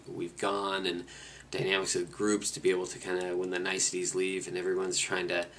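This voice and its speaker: A man's voice: sits low, creaky, a little hiss or hum. A man casually recapping a long motorcycle trip, rambling and restarting his sentences as he tells it. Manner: rambling, restarts often, relaxed storytelling. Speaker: motorcycle rider on a cross-country trip.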